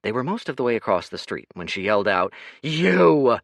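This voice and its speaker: A man narrating an audiobook in an expressive, dramatic reading. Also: lowish voice, racing, no room sound.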